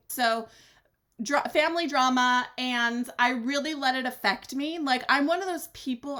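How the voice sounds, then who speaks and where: A woman hosting her own podcast, talking alone in a blunt, sassy way, swearing freely and swinging her pitch for drama. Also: fairly bright tone. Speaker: podcast host. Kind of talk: candid solo podcast monologue.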